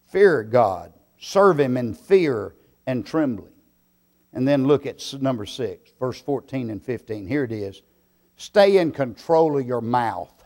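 Slow, emphatic preacher man. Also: mid-range voice, lively intonation. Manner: slow deliberate preaching with sudden loud emphatic swells. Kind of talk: sermon.

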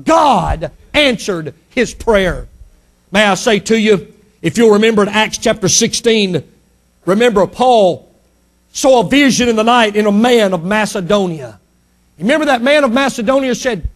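A man preaching a sermon in a high voice for a man. He builds his points with emphatic repetition, falling quiet on key lines and then surging loud again. He addresses the congregation directly as a pastor. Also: lively intonation, measured pace.

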